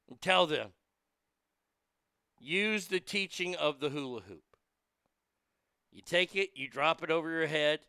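A man's voice: sits high, gravelly, pushed and bright, clear, resonant tone, dry recording. A man hosting a show, ranting angrily with heavy swearing. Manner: profane, heated, swearing often. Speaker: host. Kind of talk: angry commentary rant.

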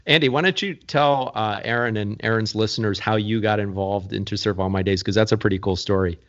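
A man with a lowish voice recounts his past in a measured, unhurried interview manner. The sound is muffled and lo-fi. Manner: measured, steady recounting with fillers. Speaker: guest actor. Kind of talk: casual interview talk.

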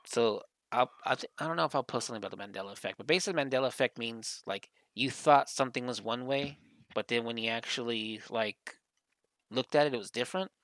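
Telling a rambling story on a podcast he co-hosts, a man with a mid-range, fairly bright voice speaks at a quick pace and leans heavily on the word "like." The recording has no room sound.

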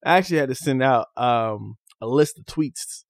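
A man co-hosting a podcast, chatting casually and telling animated stories, acting out quotes. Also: medium pitch, normal speed, no room sound. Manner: animated storyteller, acts out quotes. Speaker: podcast co-host. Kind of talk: casual chat.

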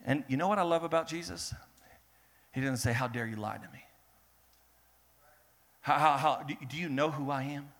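A male pastor with a bright, forceful, somewhat high voice, preaching with a lilt. He acts out the people in his Bible story and moves between shouting and hushed asides. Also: moderate pace, pauses often. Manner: animated, acts out voices of biblical figures, swings between loud and hushed. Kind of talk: sermon.

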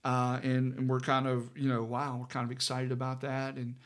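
A middle-aged man, a pastor, telling a personal story in casual conversation, halting with many fillers and restarts. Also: mid-range voice, completely flat delivery.

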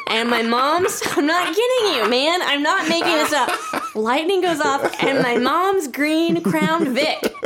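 A woman podcast host telling a story in a casual, lively, emphatic way. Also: high voice, measured pace, heavy background noise.

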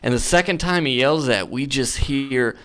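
A young man telling a story on a podcast, loose and full of fillers, getting animated at the spooky parts. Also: medium pitch, moderate pace. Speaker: podcast guest. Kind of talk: casual storytelling.

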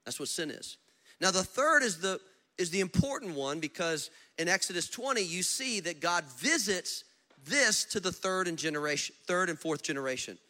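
A man, a pastor, preaching a sermon with big swings between loud emphasis and low storytelling. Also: expressive, normal speed. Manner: tells stories with acted dialogue and asides.

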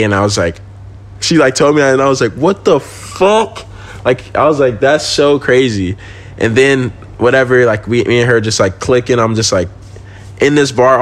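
A young man telling a story on a podcast in loose street slang, cursing and laughing as he goes. His voice sits in an ordinary middle pitch and he speaks casually. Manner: slangy, swearing, laughs while telling stories. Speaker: podcast guest.

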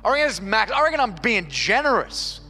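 A man's voice: high voice, big pitch swings, brisk, pushed and bright, in a large hall, soft background music, voice pushed up, exaggerated voice. A man voicing a casual, hesitant male disciple inside his sermon. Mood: musing. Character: doubtful male disciple sizing up his limit.

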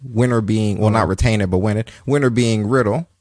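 Recorded dry at studio quality, a fairly quick, somewhat mellow male voice co-hosts a casual podcast. He rambles through a wrestling recap with plenty of fillers, swears, and keeps bursting into high-pitched, laughing rants.

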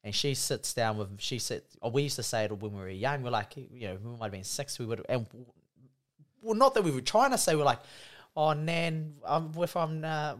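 A man's voice: mid-range voice, very animated, fairly quick, fairly bright tone. A man with a New Zealand accent, co-hosting a casual, laid-back chat and often saying "bro" and "you know".

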